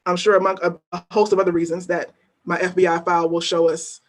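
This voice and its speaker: A woman poet at an open mic, chatting briefly and then reading her spoken-word poems in a measured, weighty delivery with pointed repetition. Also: on the low side, level tone. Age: adult working as a teacher.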